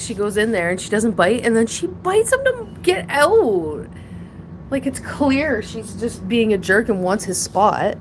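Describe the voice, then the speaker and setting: A woman's voice: mid-range voice, background noise. A woman chatting casually to viewers while caring for her pets at home, rambling and laughing often. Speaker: pet vlogger. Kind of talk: casual live chat with pets. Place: home, indoors.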